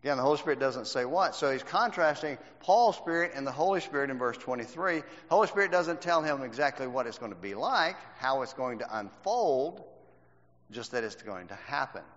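A man's voice: mid-range voice, expressive, brisk, fairly bright tone. A man teaching a Bible class, quizzing his students and stressing each point. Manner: quizzes the class with questions, emphatic. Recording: dull lo-fi recording in a reverberant hall.

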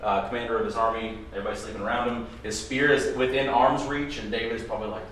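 A man casually leading a Bible study discussion, animated and acting out quotes in playful voices. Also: medium pitch, a little fast, slight background noise. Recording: echoey room from far off with faint ambience.

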